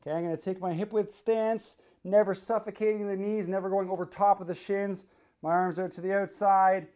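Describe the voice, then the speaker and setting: A man's voice: sits high, fairly even intonation, fairly quick, mellow. A man leading a home workout as a fitness coach, giving coaching cues and counting reps while he does the exercises himself, getting out of breath during the sets.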